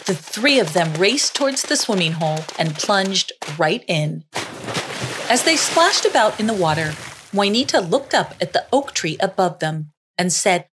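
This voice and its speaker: A woman narrating a children's story in a slow, expressive reading voice. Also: mid-range voice, background noise.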